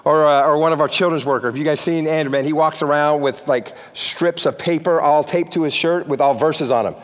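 A man's voice: a little high, fairly even intonation, fairly quick, in a large hall. A man preaching a sermon in a church, playful and joking, often checking in with the crowd. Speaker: pastor. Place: church sanctuary.

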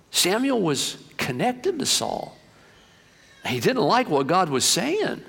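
A man preaching a sermon as pastor, telling stories in an animated way and acting out the voices of the people in them. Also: high voice, slow, creaky, husky. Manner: storytelling, animated, acts out voices. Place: church sanctuary. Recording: long hall reverb.

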